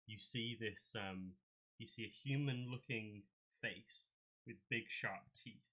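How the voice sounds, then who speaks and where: Low, bright-voiced male game master. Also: takes it slowly. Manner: descriptive narration with frequent ums and restarts. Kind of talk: narrating a tabletop game.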